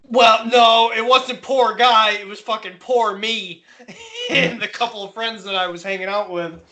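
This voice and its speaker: A man's voice: high voice, a little slow. A man hosting a podcast, telling a story in casual chat, swearing freely and laughing often as he goes. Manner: profane, laughing, animated storyteller. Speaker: podcast host.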